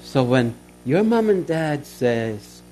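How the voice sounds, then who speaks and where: A man delivers a sermon to children and parents at a medium pitch. He repeats phrases for emphasis and voices the inner thoughts people hear. A faint hum sits under the recording. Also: big pitch swings, slow pace, dark tone, rough recording. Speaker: pastor.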